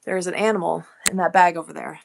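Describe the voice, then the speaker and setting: A woman's voice: fairly low pitch, fairly even intonation, quick pace, gravelly, slight background noise. A woman chatting casually on a livestream from her shop, effusive and thankful toward her viewers. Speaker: livestream seller. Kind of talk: casual live-stream chat. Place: indoors in her shop, a former thrift store.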